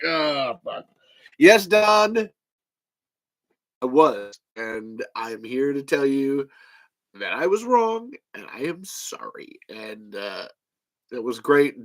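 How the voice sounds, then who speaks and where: A man hosting a fan podcast, telling stories in a lively, casual way, acting out conversations, laughing and swearing often. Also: fairly high pitch. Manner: animated storytelling, acts out quoted exchanges, laughs often, swears casually. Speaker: podcast host. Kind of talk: casual livestream chat.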